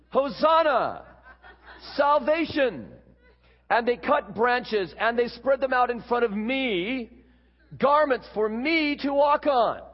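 A man voicing a proud male donkey who brags loudly in a sermon story. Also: very high voice, pitched above the performer's own voice, heavily acted. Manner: bragging, exclaiming loudly. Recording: dull, echoey hall.

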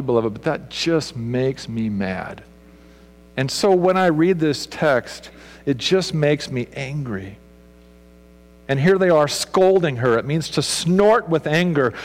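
Male pastor, fervent sermon delivery with sharp swings in intensity; reverberant church hall with a mains hum. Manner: impassioned, swings from loud emphasis to hushed low tones.

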